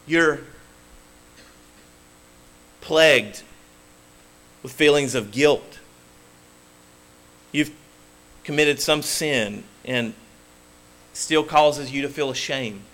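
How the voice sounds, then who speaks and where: A man preaching a sermon as pastor, emphatic and swinging from loud declarations to hushed tones. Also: mid-range voice, very slow, long pauses.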